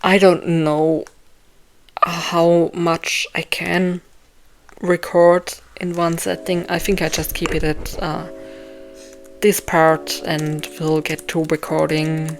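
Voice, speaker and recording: Speaking slowly in a fairly low, level voice, a young woman thinks aloud while writing her novel live. She drifts and mocks herself, stumbling through ums and restarts as her voice grows tired.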